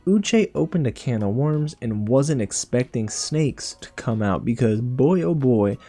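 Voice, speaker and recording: Male recap host, mellow dark tone, chatty and gossipy, quick to laugh. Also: medium pitch, soft background music. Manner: animated, gossipy, laughs often. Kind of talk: casual review monologue.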